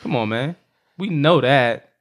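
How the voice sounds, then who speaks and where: A man's voice: mid-range voice, lively intonation, unhurried. A man co-hosting a casual podcast chat, rambling with restarts and filler words as he builds his point. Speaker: podcast co-host.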